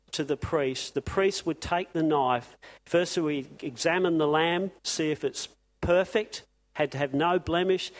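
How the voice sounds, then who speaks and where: A male pastor delivers an impassioned sermon, pressing his listeners with question after question. His voice sits fairly high for a man. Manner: impassioned, fires rapid rhetorical questions.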